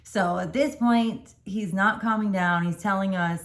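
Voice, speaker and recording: A woman's voice: medium pitch, moderate pace. A woman telling a personal story in a casual storytime vlog, rambling and correcting herself as she goes. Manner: rambling, self-correcting, animated. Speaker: vlogger telling a birth story.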